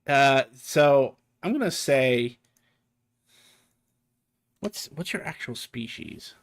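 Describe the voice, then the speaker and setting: A man's voice: medium pitch, expressive, slow. Game master man narrating with frequent ums. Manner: thinking aloud, frequent fillers and restarts, amused.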